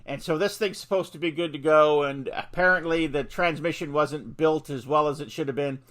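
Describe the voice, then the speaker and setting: A man hosting a radio interview, chatty and telling stories with quick casual asides. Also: fairly high pitch, fairly bright tone. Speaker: radio show host.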